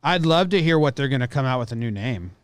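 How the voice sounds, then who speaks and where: A man co-hosts a podcast in casual chat, blunt and joking, and he acts out quick scenes. His voice sits at a middle pitch. The studio sound is dry and close. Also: animated, clear, resonant tone, no room sound. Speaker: podcast co-host.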